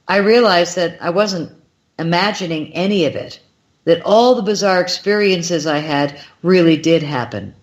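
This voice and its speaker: Excitable woman telling a story, lowish voice. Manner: excitable, acts out quoted dialogue with shifting voices. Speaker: guest, crop circle filmmaker. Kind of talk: animated personal storytelling on a radio show.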